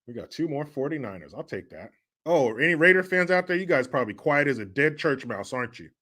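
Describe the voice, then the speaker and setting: A man hosting a livestream, reading viewer chat aloud and bantering in a loud, profane, joking way, often laughing and teasing rival fans. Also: medium pitch, very animated, quick pace. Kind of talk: casual chat.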